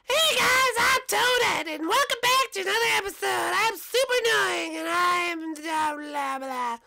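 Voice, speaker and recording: A man voicing a super annoying mushroom girl in a piercing, chirpy falsetto. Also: lively intonation, unhurried, gravelly, bright, forceful tone, heavily acted. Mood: perky.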